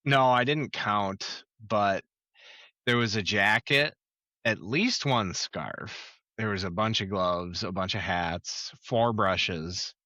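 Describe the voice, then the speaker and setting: Man, podcast co-host, casual rambling chat, unhurried, bright tone, laughs often. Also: lowish voice, no echo, highs cut off.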